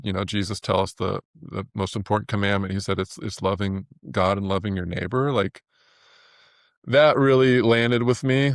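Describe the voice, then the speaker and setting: A man's voice: lowish voice, vocal fry, no room sound, clean studio sound. A man speaking as an interview guest, telling his story earnestly with many restarts and repeated words. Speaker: guest, animator. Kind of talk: reflective interview talk.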